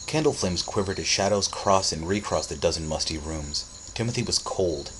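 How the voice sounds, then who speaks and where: A man with a deep, low voice reads a story aloud. His delivery is steady and dramatic. A faint hum of crickets sits behind him. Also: normal speed, low-quality recording. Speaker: narrator. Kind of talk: audiobook reading.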